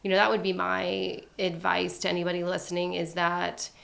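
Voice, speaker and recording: Podcast host lady, 30s, low gravelly voice, pretty flat delivery, candid chat. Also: normal speed. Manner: candid, reflective, swears casually. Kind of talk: casual chat.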